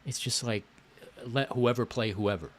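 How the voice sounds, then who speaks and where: A man's voice: mid-range voice, steady tone, normal speed, a little hiss or hum. A male host of a casual chat show, laid-back and drawing out his exclamations.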